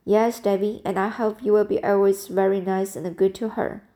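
A woman voicing an earnest, gently scolding young woman in an amateur audiobook reading, in a soft, earnest manner. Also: medium pitch, level tone, normal speed, natural voice. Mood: gentle.

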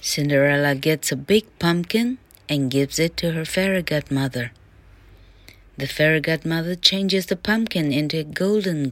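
A woman teacher reading a storybook aloud slowly and carefully in a bilingual lesson. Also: deep voice, fairly bright tone, dry recording. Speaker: English teacher.

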